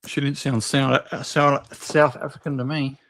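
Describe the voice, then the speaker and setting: A man's voice: mid-range voice, level tone, normal speed, a bit bright. A man chatting casually in a laid-back, slangy way, picked up from a distance. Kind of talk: casual chat.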